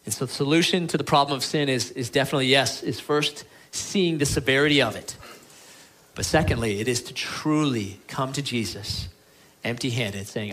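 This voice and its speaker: A man preaching a sermon as pastor of his church, earnest and pleading, moving between emphatic lines and quiet ones. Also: mid-range voice, normal speed, slight background noise.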